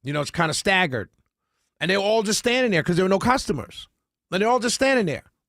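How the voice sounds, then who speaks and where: A man's voice: sits high, very animated, fast, a bit bright, no room sound, studio quality. A man who hosts a radio talk show, casually telling a story and quoting each person he spoke with. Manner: recounts conversations, quoting each person in turn.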